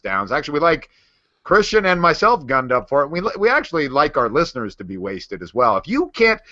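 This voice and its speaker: A man's voice: mid-range voice, bright, forceful tone, no room sound, highs cut off. A man hosting a podcast, playful and bantering with his co-hosts. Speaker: podcast host. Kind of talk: casual chat.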